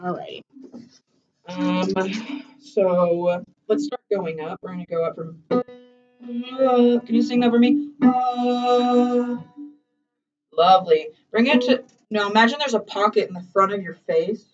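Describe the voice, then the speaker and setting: A woman's voice: mid-range voice, a little slow, highs cut off, music in the background. Woman coaching a singing lesson, far-off mic. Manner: encouraging, chatty, demonstrates by singing. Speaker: voice teacher.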